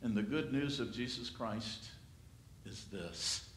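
A pastor preaching a sermon in a church, with a slow, dramatic delivery that swells and then drops to a hush. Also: male voice, medium pitch, a little hiss or hum. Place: church sanctuary. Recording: echoey church room.

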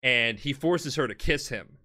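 A tipsy man hosting a podcast, telling a story in a casual, profane way and jumping into shouted character voices. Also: mid-range voice, a little slow. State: drunk. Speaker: podcast host.

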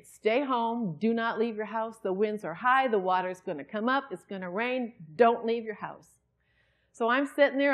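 A middle-aged woman, preaching a sermon in a church and telling a personal story in an earnest, conversational way. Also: fairly high pitch.

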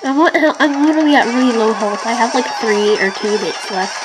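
A woman host giving excitable let's-play commentary, complaining loudly at a boss fight. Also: on the high side, a little fast, poor audio. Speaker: gaming channel host. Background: video game music.

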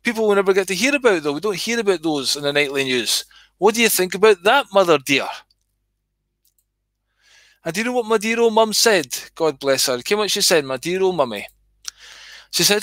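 A man's voice: high voice, lively intonation, moderate pace, pauses often, fairly bright tone, dry recording. A man telling a comic story and chatting, sweary and rambling. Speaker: host reading his own comedy skit.

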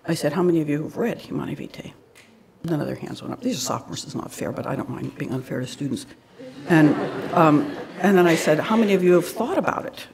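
A woman's voice: deep voice, vocal fry, darkish tone. A woman giving a public lecture, telling stories in a conversational way with frequent asides.

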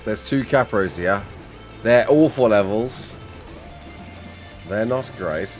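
A man's voice: fairly low pitch, slow pace, faint music behind. A man giving gameplay commentary, chatty and talking to himself, laughing at mishaps. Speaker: gaming YouTuber.

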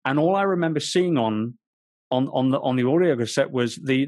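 Animated British man telling stories. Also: mid-range voice, normal speed, no echo, studio quality. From England. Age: 40s. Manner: animated storyteller, frequent restarts. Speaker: author guest. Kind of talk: storytelling interview chat.

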